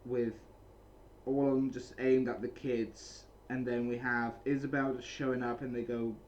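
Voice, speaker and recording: A man talks through a comic chapter from a small room at home, recapping and reviewing it casually while rambling, restarting often, and repeating phrases. The room is cold, with a heater going. His medium-pitched voice barely moves in pitch, runs at a moderate pace, and sounds a little mellow; the audio is dull, with slight background noise.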